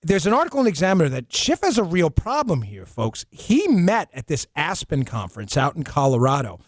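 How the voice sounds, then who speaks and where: A man from New York hosting a political talk show, sarcastic and animated, with quick asides. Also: a little high, dry recording, studio quality. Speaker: host.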